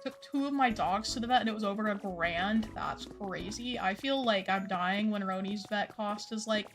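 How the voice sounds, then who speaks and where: A chatty woman streamer talks casually through a gaming session, sprinkling her speech with "like" and "you know." Her voice sits in a middle register, and game music plays clearly behind her. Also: medium pitch, normal speed. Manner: chatty, lots of "like" fillers. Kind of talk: casual gameplay chat with chat.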